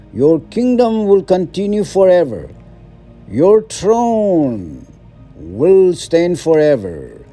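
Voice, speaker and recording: A man's voice: on the high side, warm tone, heavily acted. A man reading as a solemn promising God. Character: solemn promising male deity.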